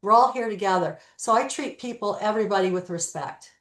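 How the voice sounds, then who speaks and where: A woman's voice: mid-range voice, a little fast. Woman broker telling a story, acts out the voices, room's kinda echoey. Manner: animated storyteller, acts out dialogue. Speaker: guest, real estate broker. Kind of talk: storytelling interview.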